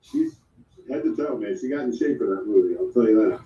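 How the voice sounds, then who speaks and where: A man co-hosting a casual chat, talking haltingly with many restarts. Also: on the low side, animated, mellow. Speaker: co-host. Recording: dull, echoey sound from far off.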